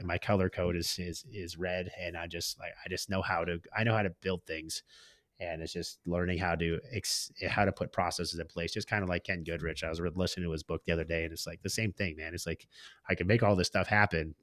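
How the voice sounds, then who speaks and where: A man with a very low voice tells his stories as a podcast guest. His talk is slangy and candid, and he acts out the people he quotes. The recording is dry, close and clean, with no room sound. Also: no echo. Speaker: podcast guest, business owner. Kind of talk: casual storytelling in conversation.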